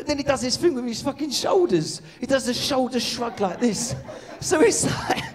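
Sweary comic in a live hall. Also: male voice, very high-pitched, animated, moderate pace, few pauses. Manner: sweary, crowd-teasing. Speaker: stand-up comedian. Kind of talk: live stand-up set. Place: comedy venue stage.

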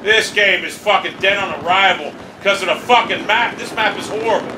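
A man's voice: sits high, normal speed. A man ranting angrily over his gameplay, swearing constantly and complaining in exasperation. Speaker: gamer streaming gameplay. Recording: roomy, distant mic with loud game noise.

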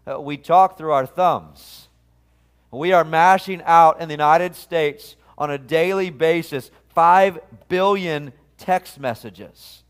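A man's voice: fairly high pitch, smooth. A man, a pastor, preaching a sermon in an earnest, conversational way, often restarting his phrases. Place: church sanctuary.

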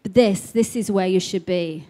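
At an expo, a woman speaks live to the audience about spiritual healing, storytelling in a chatty manner heavy with casual fillers such as "like." She has a mellow, mid-range voice at normal speed.

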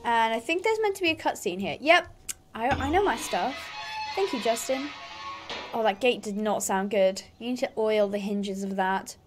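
A woman's voice: fairly high pitch, expressive, normal speed, soft background music. A woman giving chatty, giggly let's-play commentary as a gaming YouTuber.

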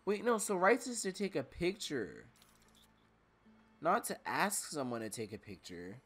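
A man's voice: on the high side, big pitch swings, unhurried, a bit bright, husky, soft background music. A man doing casual let's-play commentary, joking, swearing and laughing to himself as he plays. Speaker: gamer.

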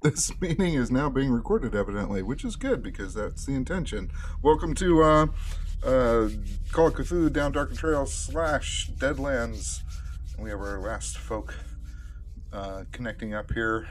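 A man narrating as game master of a tabletop horror game, speaking unhurriedly with many pauses and fillers. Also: medium pitch, lively intonation.

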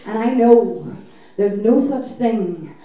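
A woman performs spoken word poetry on a club stage, wry and punchy with bursts of laughter. Her voice is high and her delivery unhurried. The recording is distant and awash in room echo. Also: animated, lo-fi sound. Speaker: feature poet. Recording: echoey club heard from afar.

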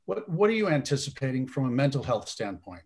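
A man's voice: medium pitch, very animated, fairly quick. A man moderating a town hall, asking a question in a hesitant way and thanking the speaker. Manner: hesitant, restarts questions, appreciative.

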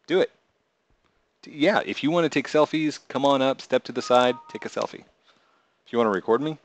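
A man's voice: medium pitch, no room sound. A man casually chatting on a live stream, reading viewers' messages aloud and answering them playfully. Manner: reads viewer chat aloud and answers playfully, often laughing. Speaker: live streamer and game creator.

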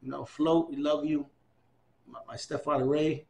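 Gravelly fifty-something guy, hyped and rambly in an interview, kinda high voice, faint hiss behind. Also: moderate pace. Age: 50s. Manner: excitable, repetitive, full of shout-outs. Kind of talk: oral history interview.

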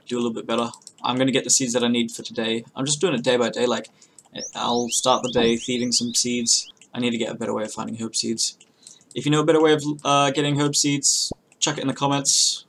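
A young man giving casual, chatty gameplay commentary as a channel host, swearing freely and breaking into loud bursts of excitement. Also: mid-range voice, a little hiss or hum.

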